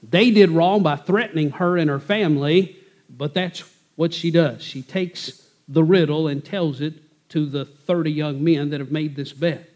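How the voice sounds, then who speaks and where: Man teaching a Bible passage, slightly high voice. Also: a little slow, a little mellow. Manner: conversational, explains each verse in plain terms with frequent "uh" fillers.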